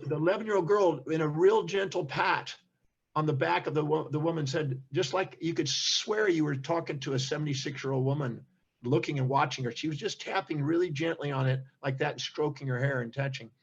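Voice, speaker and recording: A man's voice: fairly high pitch, husky, lo-fi sound. An older man, a seminar teacher, telling stories in an interview and acting out the voices of the people in them. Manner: animated storyteller, acts out quoted speech. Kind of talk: storytelling in an interview.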